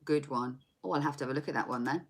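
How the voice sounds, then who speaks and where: This woman's voice is bass-deep and husky, and she moves at a quick pace. In her forties, she's doing a casual live tarot reading into a laptop or phone microphone from her home desk, rambling chattily, laughing, and teasing herself.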